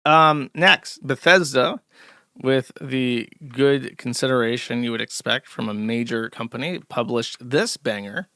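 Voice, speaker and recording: A man's voice: medium pitch, a little slow, sharp tone, no room sound, studio quality. A man hosting a live stream, ranting in a sarcastic, rambling way with many fillers and short laughs. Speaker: streamer host. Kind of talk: casual ranting commentary.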